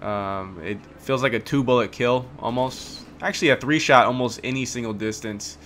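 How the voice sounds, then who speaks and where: Bright-voiced young man commentating gameplay. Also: mid-range voice, normal speed, a little hiss or hum. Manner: relaxed, chatty, frequent ums, self-correcting.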